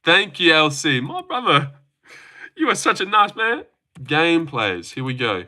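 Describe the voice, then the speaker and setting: Bright-voiced streamer, crude and joking. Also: male voice, fairly high pitch, big pitch swings, a little slow. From Australia. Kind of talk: live-stream reaction chat, reading chat aloud.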